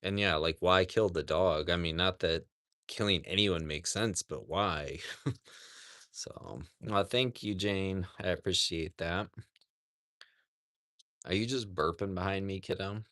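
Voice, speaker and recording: Slow, low-voiced man chatting on a livestream. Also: dry recording, studio quality. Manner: rambling, says "like" often, talks softly to animals. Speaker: animal sanctuary livestream host. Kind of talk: casual livestream chat. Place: outdoors at a farm sanctuary among animals.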